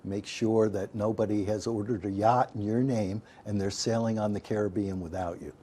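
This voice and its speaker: A man's voice: fairly low pitch, fairly even intonation, moderate pace, warm tone, breathy edge. A man giving an instructional talk on staying safe online, folksy and emphatic, often calling his listeners folks. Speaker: digital literacy instructor.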